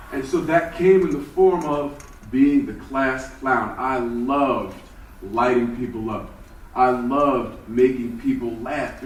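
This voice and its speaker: A man giving a personal motivational talk, telling his story and moving between hushed and emphatic moments. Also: mid-range voice, slight background noise. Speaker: speaker. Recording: roomy hall from far off with faint ambience.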